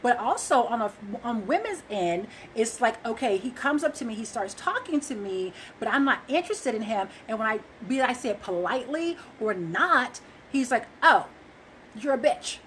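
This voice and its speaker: A woman's voice: on the high side, sing-song, normal speed, few pauses, fairly bright tone, slight background noise, rough recording. A woman talking earnestly to viewers about relationships, emphatic and loose, with frequent fillers. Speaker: relationship speaker. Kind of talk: casual monologue to viewers.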